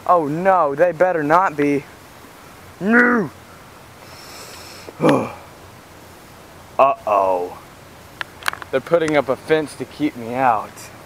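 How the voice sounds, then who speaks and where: A man's voice: on the high side, animated, very slow, pauses often, low-quality recording. A young man walking and vlogging outdoors beside a road, joking and rambling in a goofy way, filmed on a handheld camera's built-in mic. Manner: goofy, rambling, yelling at passing cars. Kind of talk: joking walk-and-talk vlog. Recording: outdoor camera audio with loud traffic. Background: passing traffic.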